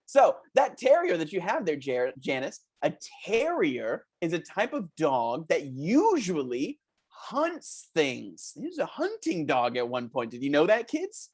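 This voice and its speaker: A man's voice: fairly high pitch, wildly swooping pitch, unhurried, husky, exaggerated voice. A man improvising an overeager children's TV show host, talking in a sing-song way as he plugs a sponsor. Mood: peppy. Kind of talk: improv comedy scene.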